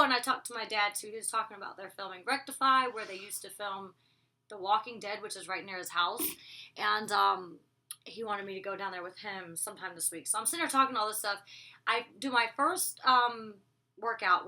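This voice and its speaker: A woman's voice: medium pitch, bright, forceful tone. A woman reviewing a TV episode in a casual vlog, rambling and chatty with many asides. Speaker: TV show reviewer.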